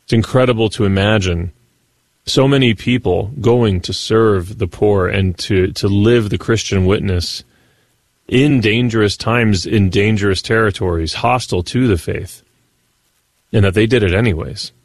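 A man's voice: on the low side, normal speed, no room sound. A man hosting a Catholic morning radio show, talking earnestly with a few playful asides. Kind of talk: Catholic radio talk and reflection. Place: radio studio.

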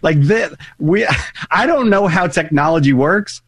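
Middle-aged guy cohosting radio chat, jumpy lively voice, laughs a lot, dry close sound. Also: a little high, measured pace, husky, no room sound. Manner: animated, laughing often, self-mocking. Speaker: radio show co-host. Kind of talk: casual chat.

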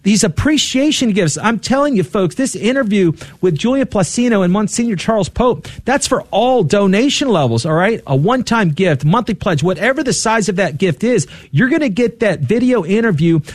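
A man co-hosting a radio fundraiser, talking fast and excitedly as he urges listeners to call in. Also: high voice, no echo. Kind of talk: on-air fundraising appeal.

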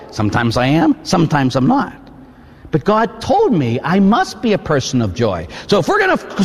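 Man, priest, storytelling sermon, lively delivery, echoey church hall. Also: on the high side. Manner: animated, swings from hushed to exclaiming. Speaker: Catholic priest.

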